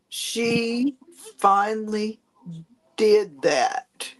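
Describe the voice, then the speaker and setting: Guest woman, lower voice, slow and patient, walks listeners through it step by step. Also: slight background noise. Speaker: panel chat guest. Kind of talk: casual chat.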